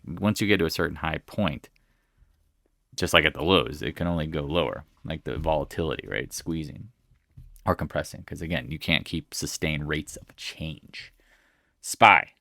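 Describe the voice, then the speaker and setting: Blunt, low-voiced man talking charts. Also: bright, forceful tone, dry recording, studio quality. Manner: blunt, exclamatory, repeats "again" and "right?". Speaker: market commentator. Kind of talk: casual chart review commentary.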